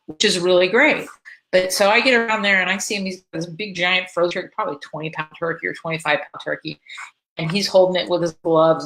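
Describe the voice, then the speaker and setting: A woman vlogger from Florida tells a story straight to camera, chatty and animated, stopping and restarting as she goes. Her voice sits a little low for a woman. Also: a little hiss or hum, low-quality recording. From Florida, USA.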